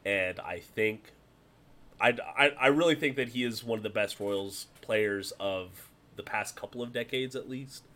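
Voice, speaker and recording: A man's voice: fairly low pitch, unhurried, fairly bright tone. A man appearing as a guest on a sports podcast, thinking aloud with frequent fillers and restarts. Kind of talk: casual sports podcast chat.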